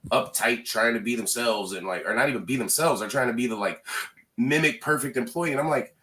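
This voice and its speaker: A man co-hosting a podcast in casual, profane chat, talking in an animated way and swearing freely. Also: medium pitch, fairly quick. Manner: animated, swears freely, bursts into loud laughs. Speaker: podcast co-host.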